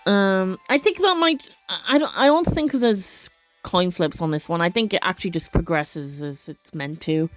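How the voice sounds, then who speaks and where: A woman narrating her own game playthrough, reading text aloud and reacting with gasps and quick chatty asides. Her pitch leaps around animatedly, the mic is close and dry, and soft game music plays underneath. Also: expressive, no room sound. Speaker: let's play creator.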